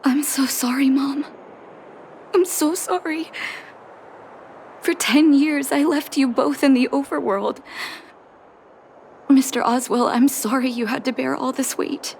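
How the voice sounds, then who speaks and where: An actress voicing an earnest young woman returning to her family in a video game, speaking softly. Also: high-pitched, steady tone, measured pace, creaky, long pauses, slight background noise. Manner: earnest and soft-spoken. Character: grown daughter and doctor, earnest and emotional. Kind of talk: game voice acting.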